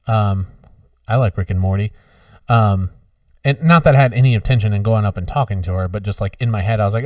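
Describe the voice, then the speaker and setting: A man's voice: fairly low pitch, fast, a little mellow, no echo. A man co-hosting a podcast, telling a story in rambling casual chat with lots of fillers. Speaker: podcast co-host. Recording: dry, distant from mic.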